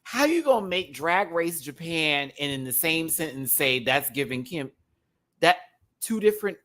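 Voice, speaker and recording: Animated rambling man hosting a review. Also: a little high, normal speed. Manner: animated, rambling, laughs often, many fillers. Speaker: host reviewing a TV show. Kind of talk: live-streamed casual review chat.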